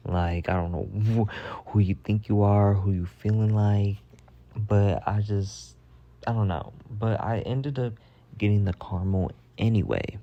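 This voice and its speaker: A man's voice: a little slow, warm tone, muffled recording. A man telling a gossipy work story in a casual monologue, acting out other people's lines. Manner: chatty, gossipy, acts out quotes with rising pitch. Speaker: storytelling vlogger.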